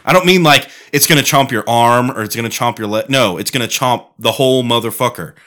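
A man's voice: medium pitch, brisk, bright, forceful tone. A man co-hosting a podcast, telling rambling, profane stories in casual chat. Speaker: podcast co-host.

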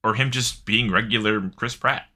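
A man co-hosting a casual gaming podcast, excitable, jokey and profane. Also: lowish voice, normal speed. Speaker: podcast co-host.

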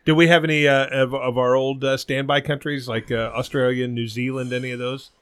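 A man's voice: medium pitch, level tone, brisk, clean tone, dry recording. A man co-hosting a podcast, trading crude jokes and insults with his co-hosts. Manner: profane, needling, defensive jokes. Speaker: podcast co-host. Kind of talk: crude casual banter.

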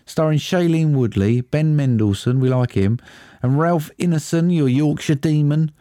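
Man, film podcast co-host, mellow tone, dry jokey delivery, close dry mic. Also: a little high, normal speed, no echo. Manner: dry, jokey, uses "mate" often. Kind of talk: casual chat.

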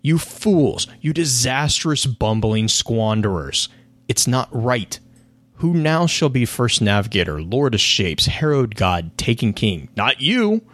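A man's voice: medium pitch, sing-song, slow pace, fairly bright tone, dry recording, full character voice. A man voicing an unhinged male sorcerer obsessed with the hive, scolding the listener in a theatrical, lofty manner. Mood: indignant, mocking.

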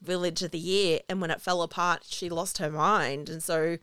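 A woman, casually recapping a film as a podcast co-host and acting out quoted lines with animated storytelling. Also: fairly low pitch, normal speed, smooth, no echo.

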